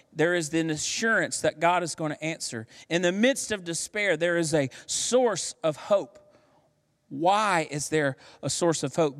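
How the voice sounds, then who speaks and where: A man's voice: on the high side, fairly bright tone. A man preaching a sermon as pastor, emphatic and given to rhetorical questions. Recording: long reverb of a large hall.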